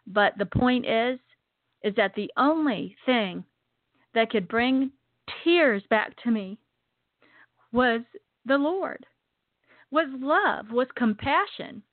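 A woman giving an emotional personal religious testimony in an earnest, repetitive way, slowing down to stress key words. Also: a little high, dry recording. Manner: earnest, repetitive, slows down for emphasis. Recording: dry tinny phone-like sound.

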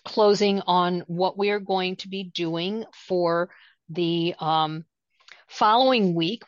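A woman co-hosting a spirituality show in casual chat, talking in a meandering, halting way full of "you know" fillers. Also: lowish voice, dry recording. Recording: dull lo-fi dry audio.

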